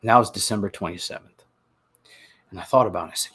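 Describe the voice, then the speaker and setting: A man hosting a podcast, telling his own story in an earnest, halting way, with repeated words and restarts. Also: lowish voice, fairly bright tone, breathy edge. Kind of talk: confessional personal narration.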